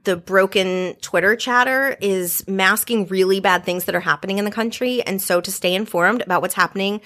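A woman in her thirties, a podcast guest, chatting casually and telling stories with lots of quick asides. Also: mid-range voice, a bit bright. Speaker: podcast guest, former White House staffer. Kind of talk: casual storytelling chat.

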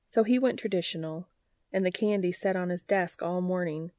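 A woman narrating a story in an unhurried, even reading voice. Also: lowish voice, no echo. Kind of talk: audiobook narration.

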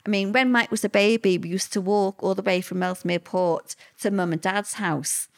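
A woman speaks in an interview, recounting past events in a plain-spoken, vivid way. Her voice sits at an ordinary middle pitch for a woman. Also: fairly even intonation, moderate pace, gravelly. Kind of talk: personal recollection in an interview.

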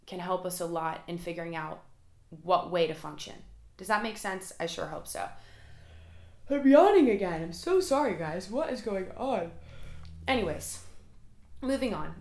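A young woman hosting her own podcast, talking fast and excitedly in a chatty way. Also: lowish voice. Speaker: podcast host. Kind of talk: casual solo podcast talk. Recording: roomy echo.

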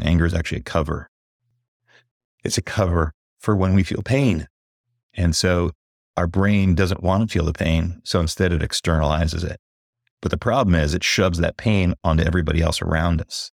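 A deep-voiced man with a gravelly, creaky edge talks as a guest on a podcast, open and reflective. The sound is close and dry, with no room around it. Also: dry recording. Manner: reflective, candid, slows to stress points and gets animated when recounting. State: briefly emotional. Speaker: executive coach, guest. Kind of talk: podcast interview.

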